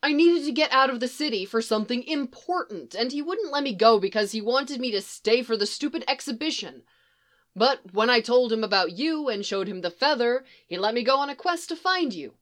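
A woman's voice: on the high side, animated, brisk, a bit bright. A woman doing an exasperated young prince. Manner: defensive, grumbling.

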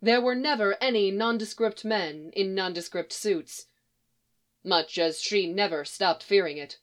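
Woman calmly narrating a story. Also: medium pitch. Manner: calm storytelling reading with quoted dialogue.

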